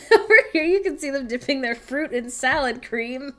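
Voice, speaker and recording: A woman's voice: high-pitched, animated, moderate pace, a bit bright. A young woman chatting playfully and teasing on a casual livestream from home. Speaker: livestream co-host. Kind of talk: casual chat on a productivity livestream.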